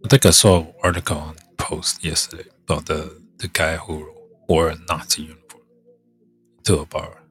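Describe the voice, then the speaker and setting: A podcast host, a man with a congested, hoarse voice, rambling in casual chat, halting and trailing off as he thinks aloud. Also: a bass voice, flat delivery, a bit bright.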